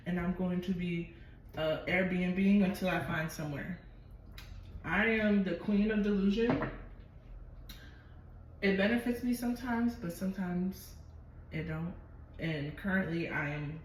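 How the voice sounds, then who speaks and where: A woman vlogger telling a personal story in a chatty, expressive way and swearing freely. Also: lowish voice, far from the mic. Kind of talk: casual storytelling to camera. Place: at home. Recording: very echoey room, voice from afar, noisy.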